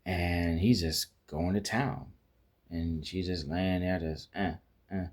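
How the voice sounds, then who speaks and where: A man's voice: deep voice, fairly even intonation, slow. A man giving a casual spoken film review, rambling with frequent restarts and fillers and acting out quoted lines as he retells scenes.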